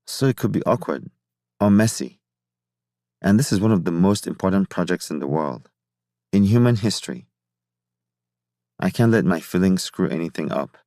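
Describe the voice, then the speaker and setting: A shy young scientist, flustered and lovesick, stumbling over his words in an audiobook scene, as a male narrator reads him. His voice is low and recorded dry and close. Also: a little mellow, no echo. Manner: hesitant, halting, unsure.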